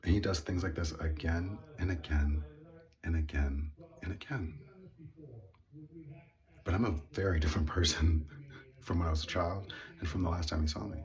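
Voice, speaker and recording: A man's voice: low voice, fairly even intonation, moderate pace, pauses often, a little mellow. A man telling a personal story in a casual monologue, earnest and indignant with wry laughs. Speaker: vlogger.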